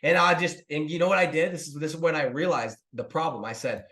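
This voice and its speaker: Guy in his 30s chatting to the camera, animated, calls everyone dude, voice a bit high, echoey room. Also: quick pace. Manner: animated, talks to viewers as "dude" and "guys". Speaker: online business coach. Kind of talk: casual storytelling to camera. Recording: roomy echo.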